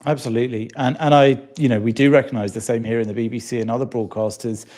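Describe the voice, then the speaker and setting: Guy interviewing, warm mellow voice, measured questions. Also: medium pitch, steady tone. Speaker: host, interviewer.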